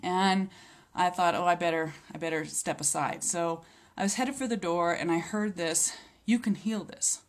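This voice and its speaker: A woman's voice: fairly low pitch, moderate pace. Earnest woman telling a faith story. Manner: earnest and reflective, with occasional hesitations. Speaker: speaker sharing a healing testimony. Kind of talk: personal faith testimony.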